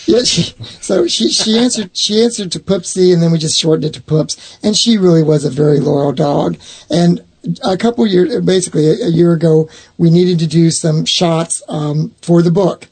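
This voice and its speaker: A middle-aged man with a husky, gravelly voice tells a long personal story. He rambles along and often stops to restart his sentences. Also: a little high, normal speed, darkish tone. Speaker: owner of a haunted box, guest. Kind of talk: storytelling in a casual chat.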